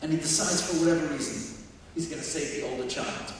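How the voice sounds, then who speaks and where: A high-pitched man preaches with emphatic force and climbs into shouts at his peaks. He is heard from far off in a large hall with long, ringing reverb and a faint background of ambience. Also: quick pace, a little hiss or hum. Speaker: guest speaker. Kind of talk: sermon. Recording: distant echoey hall.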